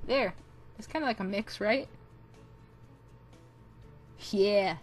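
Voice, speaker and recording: A woman's voice: medium pitch, slow pace, soft background music. A young woman commenting on her game in a casual, joking way. She is sarcastic, swears freely and keeps slipping into silly put-on accents. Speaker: gameplay commentator. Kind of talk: casual let's-play commentary.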